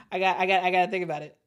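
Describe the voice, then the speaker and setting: A young woman with a Chicago accent chats casually on a sports livestream. She has a slightly low voice for a woman, and she stops, repeats herself and fills the gaps with "um" and "uh" as she answers viewers. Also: fairly even intonation, clear, resonant tone. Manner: halting, many fillers and restarts. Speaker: sports show host. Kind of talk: casual livestream chat reading super chats.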